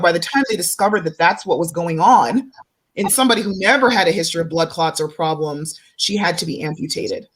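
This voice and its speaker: A woman doctor hosting a panel discussion, explaining symptoms earnestly to her guests and viewers. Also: on the low side. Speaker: doctor and host. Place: studio stage with guests.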